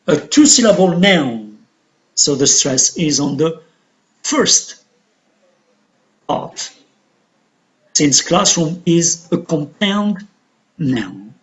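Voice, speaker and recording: A woman teaching an English lesson, saying each word slowly and repeating it carefully for pronunciation. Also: low-pitched, very animated, rough recording. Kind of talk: classroom lesson, slow and deliberate.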